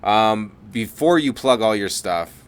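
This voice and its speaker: Low-voiced male podcast host. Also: lively intonation, takes it slowly, smooth. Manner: friendly, encouraging, chimes in with short reactions. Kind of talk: casual interview chat.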